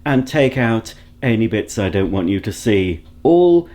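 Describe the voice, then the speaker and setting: A man's voice: lowish voice, sing-song, unhurried, a little mellow. A man chatting to a handheld camera at home in a rambling vlog, full of self-mocking asides. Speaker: vlogger. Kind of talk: casual solo vlog to camera. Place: at home, indoors. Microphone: handheld camera at arm's length.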